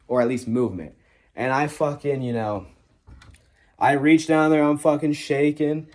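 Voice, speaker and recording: A man's voice: mid-range voice, darkish tone. A young man telling a ghost story in a casual, profane, rambling way, often acting out what people said.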